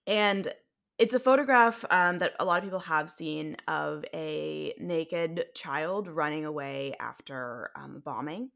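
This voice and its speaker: A woman's voice: deep voice, a little slow, vocal fry, a bit bright. A young American woman in her twenties co-hosting a podcast, talking in a chatty way with frequent ums and likes. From United States. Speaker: podcast co-host. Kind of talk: conversational podcast discussion.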